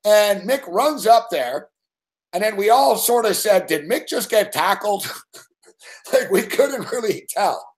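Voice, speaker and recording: A man's voice: sits high, expressive, takes it slowly. A man hosting a live sports betting show, telling a rambling story full of swearing and laughing at himself.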